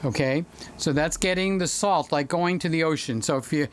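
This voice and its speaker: A livestream host speaks at a moderate pace in a slightly high voice from his home studio room. Chatting casually over viewer comments, he calls people by name and sometimes sings lines to them.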